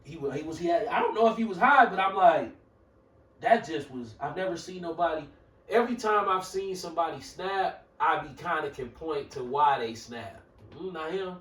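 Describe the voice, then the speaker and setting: High-voiced Milwaukee man telling a story. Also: normal speed. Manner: animated, profane, acts out quoted people, bursts into shouting. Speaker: show regular. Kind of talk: casual storytelling chat. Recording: roomy echo, mic far off.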